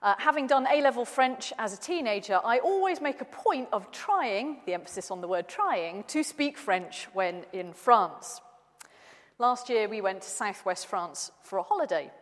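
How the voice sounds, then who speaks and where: A woman preaching a sermon, opening with a personal story told with gentle humour. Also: medium pitch, lively intonation, moderate pace, in a large hall.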